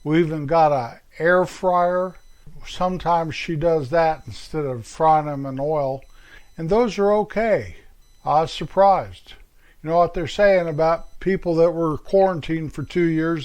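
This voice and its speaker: Casting: older American man, slow easygoing talker, slightly high voice, playful joking monologue host. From United States. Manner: playful, drops mock French exclamations in a squeaky voice. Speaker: podcast host. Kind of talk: humorous storytelling monologue.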